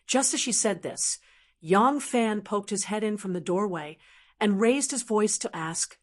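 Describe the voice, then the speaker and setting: A woman narrating an audiobook in an even, measured reading. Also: medium pitch.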